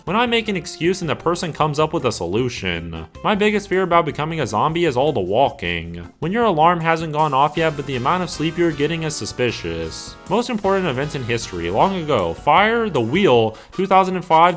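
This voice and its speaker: A man reads meme captions aloud in a deadpan way, his fairly high voice swinging widely in pitch from line to line. Faint music plays underneath. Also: a little fast, few pauses. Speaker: meme compilation narrator.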